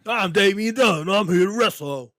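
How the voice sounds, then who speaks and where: Man doing a cheeky British lad; high-pitched, over-the-top, mocking impression for podcast laughs. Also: expressive, moderate pace, fairly bright tone. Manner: exaggerated jokey British impression. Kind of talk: comic podcast banter.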